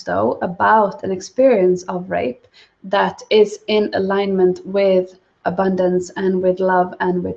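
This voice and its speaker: A woman giving a livestreamed spiritual teaching talk, soft-spoken and calm. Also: mid-range voice. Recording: dull lo-fi livestream audio.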